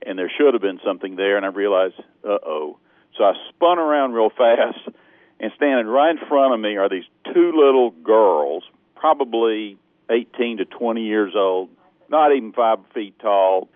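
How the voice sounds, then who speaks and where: A man's voice: lowish voice, normal speed, dry recording. A man from Texas calls in to a radio show and tells his story with plenty of energy and laughter. His voice comes over a thin, tinny phone line. The sound is dry, with no room around it. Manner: lively, laughs often, acts out shouting. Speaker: caller. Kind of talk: animated storytelling on a phone call. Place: phone call.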